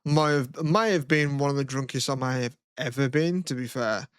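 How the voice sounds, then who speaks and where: A man's voice: medium pitch, normal speed, clear, resonant tone, dry recording, clean studio sound. A young man co-hosting a podcast in casual chat, rambling and swearing, often laughing. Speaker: podcast co-host.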